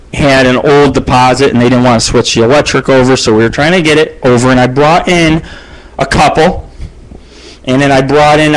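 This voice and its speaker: A man's voice: mid-range voice, rough recording. A middle-aged man hosting his own radio show, telling crude stories in a profane, boastful ramble. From United States.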